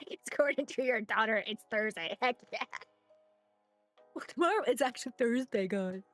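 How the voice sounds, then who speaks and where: A woman's voice: a little high, moderate pace, a bit bright, no echo, soft background music. Chatty woman live-streaming while painting. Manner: chatty, laughing often, greets viewers by name.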